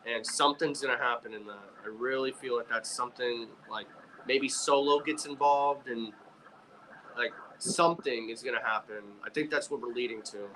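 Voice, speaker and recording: A man's voice: medium pitch, normal speed, pushed and bright, slight background noise, low-quality recording. A man co-hosting a wrestling podcast, chatting casually and often calling his co-host bro or man. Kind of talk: casual chat about wrestling.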